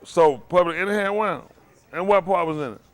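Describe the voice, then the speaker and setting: A man hosting a casual trivia game, joking with the teams and getting animated when he argues his point. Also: fairly quick, smooth. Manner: animated, jokey, rising to high exclaims. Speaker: quiz host.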